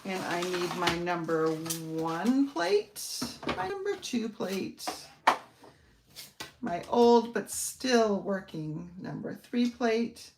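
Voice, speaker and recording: A woman's voice: fairly low pitch, very animated, takes it slowly, darkish tone, recorded from a distance, slight background noise. A woman hosting a live card-making demonstration, chatting in a friendly, rambling way and thinking aloud as she works. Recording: echoey room, voice set back from the mic.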